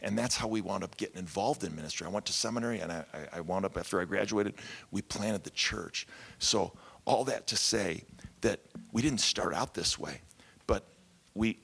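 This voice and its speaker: A man's voice: low voice, gravelly, fairly bright tone, husky. A man, a pastor, telling his story in a candid, conversational sermon with self-deprecating humor.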